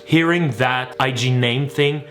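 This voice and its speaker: Excitable man telling a story over music. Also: mid-range voice, a little slow. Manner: excitable, retells with quoted voices, shrieks when shocked. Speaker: vlogger. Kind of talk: animated storytelling to camera. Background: background music.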